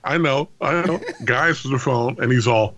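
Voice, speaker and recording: A man who works as a lawyer telling a story on a podcast in a wry, measured way, now and then swearing and laughing. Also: medium pitch, a bit bright. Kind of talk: casual storytelling chat.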